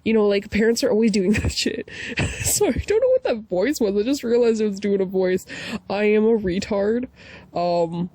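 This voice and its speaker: A woman vlogger ranting casually to camera, animated and profane, with frequent laughing asides. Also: mid-range voice, normal speed, dry recording.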